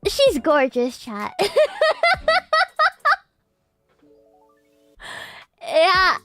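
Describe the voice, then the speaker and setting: A woman streamer rambling playfully in casual chat, giggly and animated. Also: sits high, a little slow, faint music behind. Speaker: VTuber streamer.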